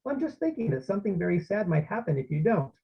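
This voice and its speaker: Man playing a calm dad, soft and sincere, lilting, raspy. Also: sits high, fast, pitched above the performer's own voice, heavily acted. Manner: soft, sincere, mildly sing-song. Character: calm, gentle, unflappable father. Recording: slightly muffled lo-fi audio.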